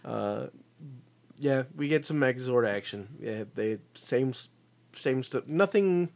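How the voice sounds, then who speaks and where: A man's voice: mid-range voice, expressive, measured pace, vocal fry, a little mellow. Laid-back man chatting about a show. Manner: laughs often, lots of fillers and restarts. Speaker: podcast co-host. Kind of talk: casual chat about a TV show.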